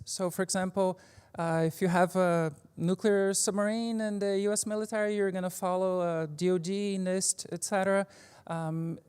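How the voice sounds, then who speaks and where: A woman's voice: lowish voice, a little mellow, clear, resonant tone. A woman giving a casual technical conference talk, joking, swearing lightly and leaning on fillers. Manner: informal and joking, with frequent fillers and mild swearing. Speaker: conference speaker. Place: conference stage. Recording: reverberant conference hall.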